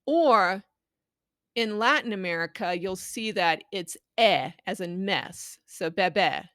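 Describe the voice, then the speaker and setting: A woman educator giving clear, patient instructions on how to read a picture book aloud to a child. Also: mid-range voice, slow pace, a bit bright, no echo, clean studio sound. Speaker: Spanish language educator. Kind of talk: instructional talk on reading aloud.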